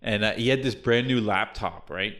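A man's voice: on the low side, normal speed, fairly bright tone. A young man chatting casually on a podcast, rambling through a crude story with restarts and laughter. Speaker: podcast co-host telling a story. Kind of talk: casual chat.

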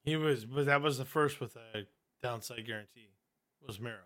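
A man's voice: medium pitch, moderate pace, fairly bright tone, dry recording. A man co-hosting a wrestling podcast in casual chat. He jokes and teases, and laughs often. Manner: joking, teasing, laughs often. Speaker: podcast co-host.

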